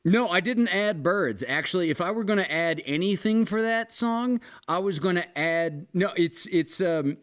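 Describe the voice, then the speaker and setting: A man hosting a casual live music stream, rambling through an animated story with restarts and casual swearing, talking from home. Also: high-pitched, moderate pace, hardly any pauses. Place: home, with balcony and fire pit.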